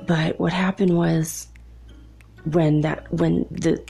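A woman's voice: low voice, level tone, slow pace, gravelly, warm tone, breathy edge, soft background music. A young adult woman telling a personal story in a casual, chatty way, laughing often between remarks.

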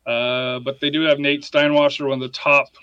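A man's voice: medium pitch, level tone, moderate pace, bright, forceful tone, smooth, dry recording, highs cut off. A man hosting a casual sports podcast, reading through stats with lots of "uh" fillers. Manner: reads off stats with many fillers. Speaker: podcast host.

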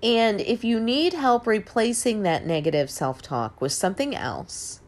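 A woman's voice: on the high side, animated, a little slow. A woman in her forties giving an emphatic, casual motivational talk, swearing now and then and laughing easily. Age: 40s. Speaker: host. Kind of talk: motivational monologue.

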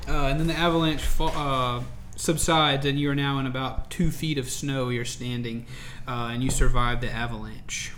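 A medium-pitched, slightly bright male voice with fairly even intonation and a normal speaking speed, accompanied by a little hiss or hum. He's running a tabletop game as its game master, narrating in a rambling way full of fillers and false starts.

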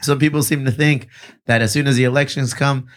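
A man with a mid-range voice talks fairly quickly in a steady tone, chatting casually on a podcast. He's laid-back and profane, cursing freely and sprinkling in Spanish slang.

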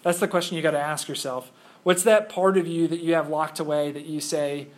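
A man's voice: fairly high pitch, fairly even intonation, fast. Casual, questioning male preacher. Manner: conversational, with frequent fillers and rhetorical questions. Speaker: pastor. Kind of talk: sermon.

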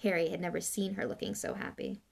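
A woman's voice: lowish voice, huge pitch swings, fast, gravelly. A woman reading a novel aloud in a plain way with small slips and restarts. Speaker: audiobook reader.

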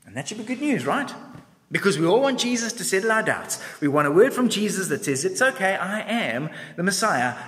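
A man delivers a sermon with expressive storytelling, slipping into voices and pausing on reflective questions. His voice sits a little higher than most men's. The sound carries the long reverb of a large hall. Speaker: preacher.

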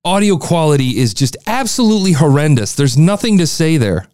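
A man's voice: fairly high pitch, sing-song, brisk, darkish tone, dry recording. A man hosting a podcast, giving a blunt, exasperated critique of a listener's show. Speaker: podcast host reviewing listener shows.

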